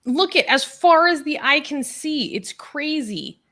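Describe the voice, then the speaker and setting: A woman's voice: high voice, expressive, measured pace, pushed and bright. A woman co-hosting a livestream in casual chat, enthusiastically showing images and reading out viewer comments, with frequent ums and likes. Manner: enthusiastic, with fillers like um and like. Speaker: co-host of a livestream show.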